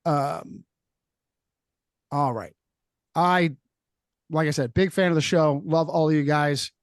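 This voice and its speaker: A man's voice: fairly high pitch, takes it slowly, smooth, dry recording. A man speaking as a podcast guest in casual chat, making emphatic points that he repeats for weight, often ending on "okay?". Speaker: guest author.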